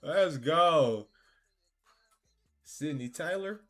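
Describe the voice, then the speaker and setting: A man giving excitable, laughing, slangy pack-opening commentary, talking to the game and cards as he goes. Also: high-pitched, slow pace, pauses often, soft background music. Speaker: gaming video creator.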